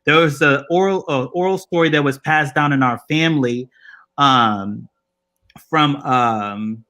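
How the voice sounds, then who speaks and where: A man's voice: medium pitch, a little slow, pushed and bright. A man co-hosting a casual panel, telling stories in a loose, profane, laughing way. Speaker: co-host.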